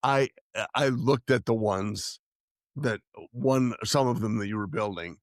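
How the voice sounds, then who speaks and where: A man's voice: mid-range voice, a little slow, no echo, studio quality. A middle-aged man co-hosting a podcast, who keeps a casual chat going by asking questions and encouraging his partner. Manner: encouraging, leading the talk with questions. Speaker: podcast co-host.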